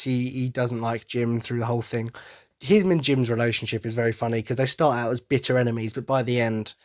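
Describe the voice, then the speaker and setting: A male podcast host talks his way through a casual monologue at a mid-range pitch. He rambles eagerly and keeps stumbling over his words to correct himself. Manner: rambling, self-correcting, enthusiastic.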